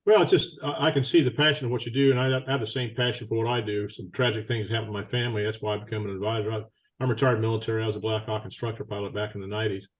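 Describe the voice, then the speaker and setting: Middle-aged man, earnest, stumbling starts, fast talk, muffled lo-fi sound. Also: lowish voice, fairly even intonation.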